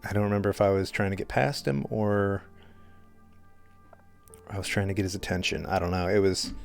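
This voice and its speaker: A man's voice: low voice, vocal fry, a little mellow. A man telling a rambling story on a live stream while he paints, hesitant and self-conscious, with a dry throat.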